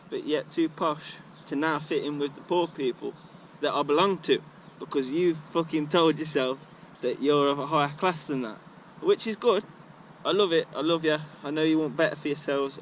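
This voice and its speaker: A man's voice: fairly high pitch, slight background noise, rough recording. A man talking to camera outdoors, rambling in a casual, slangy, heavily sweary way. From England. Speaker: vlogger. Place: outdoors at a regular filming spot.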